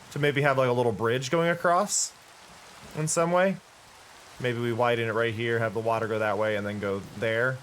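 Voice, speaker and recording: A man's voice: mid-range voice, fairly bright tone, slight background noise. A tired-sounding man streaming a game, thinking aloud in casual commentary with frequent restarts. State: tired, yawning.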